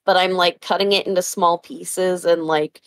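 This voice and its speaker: A woman at a tabletop game, talking in loose rambling sentences padded with filler words. Her voice sits a little low and sounds dry and close. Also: steady tone, moderate pace, no room sound. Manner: rambling, full of "like". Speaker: player. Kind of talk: casual tabletop role-play.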